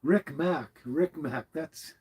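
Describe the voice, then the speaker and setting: Speaking slowly in a husky, slightly high voice, a man chats warmly with viewers on a casual stream from his motorhome. He rambles and chuckles while answering chat, and the audio is poor.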